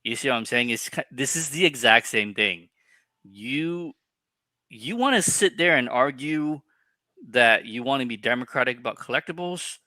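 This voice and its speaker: Bright-voiced man ranting on a podcast. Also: mid-range voice, expressive, moderate pace, dry recording. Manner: profane, heated ranting. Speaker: podcast co-host. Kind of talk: casual chat.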